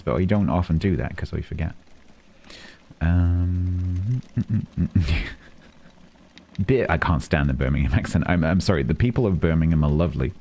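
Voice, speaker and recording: A man's voice: low-pitched, normal speed, long pauses, darkish tone. A man streaming a role-play game, chatting casually and mumbling to himself with playful asides.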